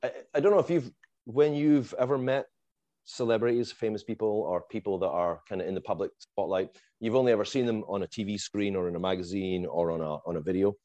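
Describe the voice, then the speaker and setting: A middle-aged man who moved to the United States from abroad, telling a long, animated fan story in casual chat, full of fillers and little laughs. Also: fairly low pitch, fast, dry recording, muffled recording.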